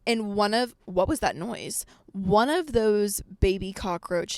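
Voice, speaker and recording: A young adult woman hosting a podcast, telling a story in a casual, animated way, swearing freely and acting out what she said at the time. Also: mid-range voice, measured pace, few pauses, no echo, clean studio sound. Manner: animated, swears a lot, acts out her own past lines. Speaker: podcast host.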